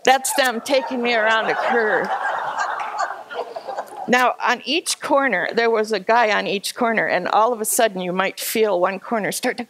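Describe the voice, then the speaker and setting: A woman telling an animated, self-deprecating personal story at a church gathering, laughing often. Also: fairly high pitch, normal speed, slight background noise. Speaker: speaker sharing a personal story. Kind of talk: storytelling talk with slides.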